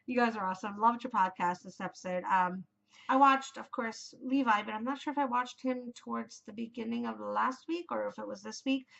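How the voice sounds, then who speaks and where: A woman in her forties chats away on her knitting podcast. She gushes and rambles with plenty of fillers, in a slightly high voice. The recording sounds dull and lo-fi. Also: a little fast, gravelly, a bit bright. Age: 40s. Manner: gushing, chatty, rambling with many fillers. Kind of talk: casual chat.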